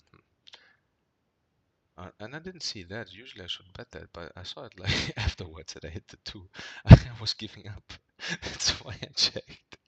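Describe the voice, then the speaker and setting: Low gravelly man rambling through poker hands. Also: pushed and bright. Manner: rambling, frequent "right?" tags and fillers; gets worked up and swears when annoyed. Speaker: poker player reviewing his hands. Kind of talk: casual commentary over gameplay.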